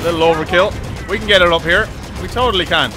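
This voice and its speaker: A man playing a shooter for the first time, laughing, swearing and shouting at his teammates as he goes. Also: high-pitched, fast talker. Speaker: gaming YouTuber. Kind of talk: excitable let's-play commentary. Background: game music and vehicle sounds.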